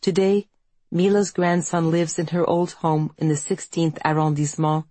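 Low-voiced woman narrating her memoir. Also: level tone, warm tone, no echo. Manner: measured, reflective storytelling. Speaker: author and narrator. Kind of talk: audiobook narration.

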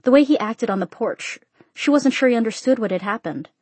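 A woman narrating a short story in an even, measured audiobook reading. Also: fairly high pitch, slightly rough, dry recording.

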